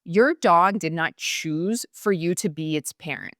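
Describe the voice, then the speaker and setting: A woman's voice: fairly low pitch, fairly bright tone, dry recording, clean studio sound. A young woman hosting a podcast, chatting casually and passionately with lots of fillers. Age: young adult. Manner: chatty, passionate, fast-talking with many fillers. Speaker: podcast host. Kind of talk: casual chat.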